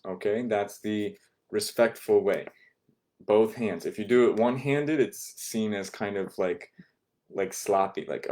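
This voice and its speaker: A man's voice: lowish voice, measured pace, a little mellow. A man teaching an online Japanese class, patiently repeating words and checking in with "okay?" after each point.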